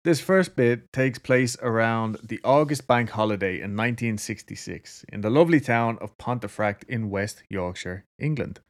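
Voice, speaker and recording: A man's voice: mid-range voice, moderate pace, few pauses. A man co-hosting a podcast, telling a story in casual chat, laid-back and swearing freely. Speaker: podcast co-host.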